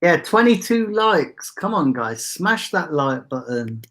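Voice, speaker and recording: A man's voice: fairly high pitch, very animated, slow, a bit bright. A man hosting a casual livestream, chatting with viewers and reading out their comments with easy banter. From England. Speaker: fan channel host.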